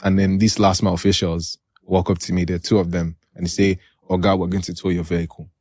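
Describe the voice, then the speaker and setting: Nigerian guy hosting a podcast, low voice, dry close sound, chatty storyteller. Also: quick pace, no echo. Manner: animated, laughs often while telling stories. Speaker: podcast host. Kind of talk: casual storytelling chat.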